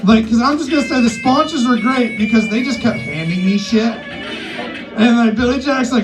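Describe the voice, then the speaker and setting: Rambling, profane stand-up man, high voice. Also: fairly quick, music in the background. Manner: rambling, profane, self-mocking. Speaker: stand-up comic. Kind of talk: loose live stand-up set. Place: comedy bar stage.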